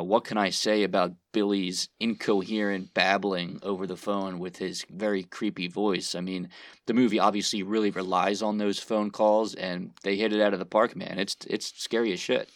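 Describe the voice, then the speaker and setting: A man's voice: deep voice, fairly bright tone, dry recording, studio quality. A man co-hosting a casual review podcast, rambling and thinking aloud with fillers. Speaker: podcast co-host, movie reviewer. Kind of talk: casual chat.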